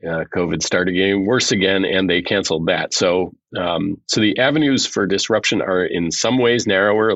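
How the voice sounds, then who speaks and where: A man's voice: low-pitched, a bit bright, dry recording, highs cut off. A man explaining security threats in casual podcast talk, slipping dry jokes into his explanations. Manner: dry joking asides in explanations. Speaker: security analyst guest.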